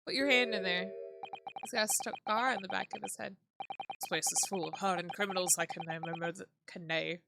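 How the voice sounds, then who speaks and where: A woman's voice: medium pitch, fairly even intonation, fairly quick, creaky, bright, forceful tone, dry recording. A woman streaming a game, chatting casually, swearing and reading the game text aloud. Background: background music.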